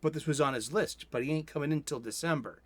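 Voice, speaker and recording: A man's voice: on the high side, quick pace, dry recording. A man, hosting a casual solo comics review stream and rambling enthusiastically with many self-interruptions. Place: home studio.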